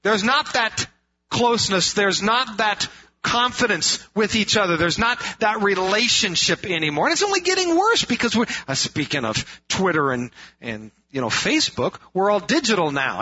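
A man's voice: sits high, big pitch swings, moderate pace, pushed and bright. A man preaching a sermon in an earnest way, asking rhetorical questions and repeating phrases for emphasis. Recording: dull lo-fi sound.

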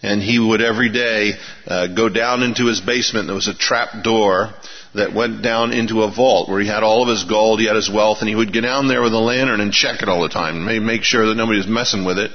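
A low-pitched man preaching in a plain, folksy manner, often asking his listeners rhetorical questions. His voice rings out in a long-reverb hall, and the recording sounds dull and lo-fi. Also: steady tone, brisk. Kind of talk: sermon.

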